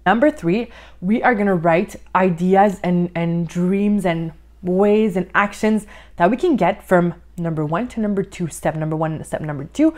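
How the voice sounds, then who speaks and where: A woman life coach talking through a podcast lesson in an encouraging way, often saying "like" and a little out of breath. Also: lowish voice. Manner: warm, encouraging, uses many "like" fillers. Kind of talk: podcast monologue, guided coaching.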